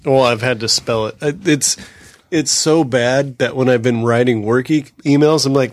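Male podcast co-host, laid-back, dry humor, mid-pitched voice. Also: normal speed. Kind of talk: casual chat.

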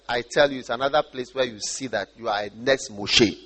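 A man from Ghana preaching a sermon, animated and often repeating and restarting his phrases. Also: mid-range voice, brisk.

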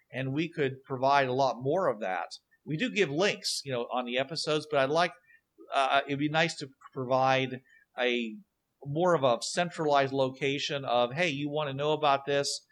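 A man's voice: mid-range voice, fairly bright tone. A man co-hosting a tabletop gaming podcast, talking in a loose, casual way. He wanders through his thoughts with plenty of fillers and restarts. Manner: rambling, many fillers and restarts. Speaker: podcast co-host.

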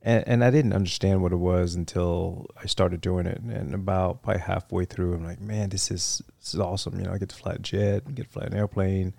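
A middle-aged man with a Vietnamese accent, a retired military aviator telling his story in a relaxed interview, full of "you know" fillers. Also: sits low, a little fast, creaky, few pauses, no echo. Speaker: interview guest, retired Marine fighter weapons officer.

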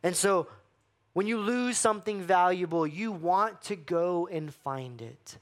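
Slow, dramatic preaching man. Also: high-pitched. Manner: dramatic, acts out quoted voices, drops to hushed emphasis. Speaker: pastor. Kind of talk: sermon.

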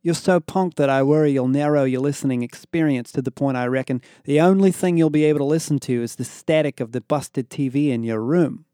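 A man voicing a loud cheeky New Zealand teen. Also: mid-range voice, a little fast, few pauses, no room sound, clean studio sound, close to an everyday voice. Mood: cheeky banter. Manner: cheeky, bantering, upbeat. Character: loud excitable teenage boy from New Zealand. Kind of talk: audio fiction reading.

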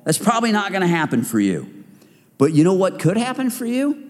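A man's voice: sits high, sing-song, a little fast, in a large hall. A man giving a conversational sermon to a group of men, joking and acting out the voices in people's heads. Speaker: men's ministry speaker.

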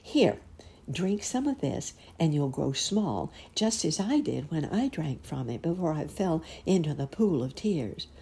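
A woman doing a soft-spoken little girl. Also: low voice, very animated, unhurried, gravelly, breathy edge, exaggerated voice. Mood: coaxing. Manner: soft, coaxing. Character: gentle helpful little girl.

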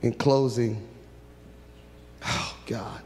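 A man preaching a sermon who swings from hushed pleading to loud cries, prays aloud and tells stories from his ministry. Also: medium pitch, fairly even intonation, very slow, in a large hall.

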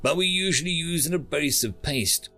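A man reading a story, voicing a gentle, inquisitive hoofed alien female in a lifted voice. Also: on the high side, moderate pace, soft background music, voice pushed up. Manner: inquisitive, mild and polite.

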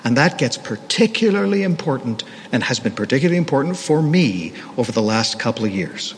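A male pastor preaches in a candid, conversational way, often poking fun at himself, at a mid-range pitch. His voice rings with a long hall reverb over a faint wash of background noise. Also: sing-song, a little fast. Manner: candid, self-deprecating, conversational. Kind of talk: sermon. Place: church.

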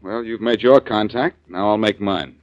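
An actor playing a wisecracking tough private detective, sardonic and quick-witted, in 1940s radio acting on a muffled old recording. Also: male voice, fairly low pitch, no echo, close to an everyday voice.

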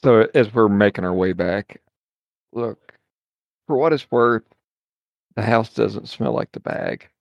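A man playing a tabletop game talks in a loose, rambling, joking way. His voice has a gravelly edge. The sound is very dry and close. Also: lowish voice, takes it slowly, pauses often, dry recording, dull audio. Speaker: player.

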